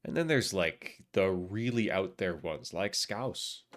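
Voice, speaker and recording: A man's voice: low voice, animated, slow, a bit bright. A man streaming a video game, chatting casually in a rambling, self-mocking, jokey way. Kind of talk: casual live-stream chat.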